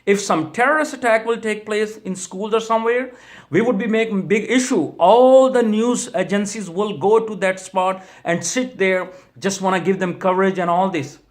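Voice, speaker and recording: High-voiced man pleading earnestly. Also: moderate pace. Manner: pleading, repetitive rhetorical questions. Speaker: minister of a church ministry. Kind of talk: impassioned video message.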